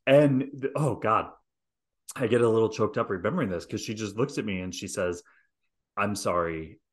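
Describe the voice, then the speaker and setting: A middle-aged podcast host with a fairly low voice talks fairly quickly while telling a story. His storytelling chat is animated and full of swearing, with scenes acted out in different voices.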